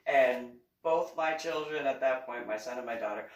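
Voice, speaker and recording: Host brief: middle-aged woman, unhurried animated storyteller, mic set well back from her. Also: a bass voice. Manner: chatty, animated, amused. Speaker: YouTube channel host. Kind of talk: casual personal storytelling. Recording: echoey room, distant mic.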